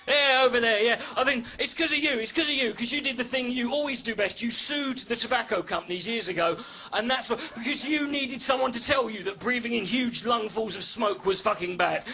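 A man's voice: extremely high pitch, a little fast, sharp tone, a little hiss or hum. A man doing a stand-up comedy set on a club stage into a handheld mic, sardonic, sweary and self-mocking. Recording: echoey live venue with crowd laughter.

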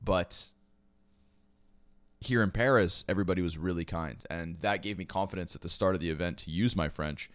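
A man's voice: deep voice, clear, resonant tone, dry recording. A young man from Quebec telling a casual, rambling story, swearing freely and filling gaps with "you know" and "like". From Quebec, Canada. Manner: rambling, profane, full of fillers like "you know". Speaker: esports caster and podcast host.

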